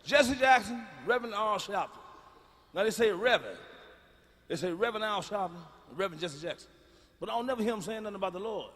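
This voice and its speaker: Brash, profane stand-up comedian, bright voice, hollers often, live hall echo and faint crowd noise. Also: male voice, high voice, animated, quick pace. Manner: loud, profane, hollering bursts.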